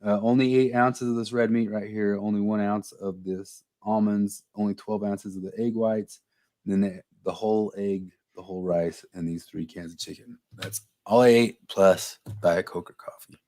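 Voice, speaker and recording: Male podcast host, low voice, dry close sound, blunt and opinionated. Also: steady tone, moderate pace, dark tone, dry recording. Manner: blunt, opinionated, swears freely. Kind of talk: casual podcast chat.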